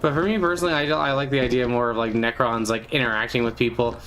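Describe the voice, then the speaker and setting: A man's voice: steady tone, fast, a bit bright, a little hiss or hum, poor audio. A man streaming while chatting casually, rambling and playful with lots of fillers. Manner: rambling and playful, many fillers, bursts into squeaky silly voices. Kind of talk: casual gaming stream chat.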